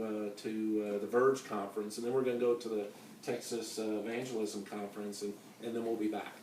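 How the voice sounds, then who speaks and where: A man's voice: mid-range voice, dark tone, slight background noise. A man telling a personal testimony at a conference, rambling, with many fillers and restarts. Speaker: conference speaker. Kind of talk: storytelling testimony. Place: conference center hall. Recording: echoey hall, mic from far off.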